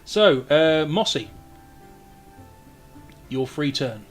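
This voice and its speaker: A man acting as game master, narrating a tabletop game on a live stream in a halting way with many fillers. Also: fairly high pitch, expressive, faint music behind.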